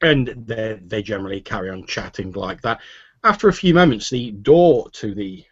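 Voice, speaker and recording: A man's voice: lowish voice, animated, moderate pace, breathy edge, no room sound. A man narrating as game master, rambling with many fillers. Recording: dull lo-fi recording.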